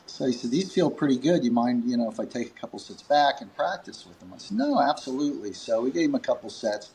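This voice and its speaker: A man's voice: quick pace, rough recording. A man who runs a grip company, telling a long story in an interview, acting out quoted lines and chuckling between fillers. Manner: animated, acts out quoted dialogue with pitch jumps.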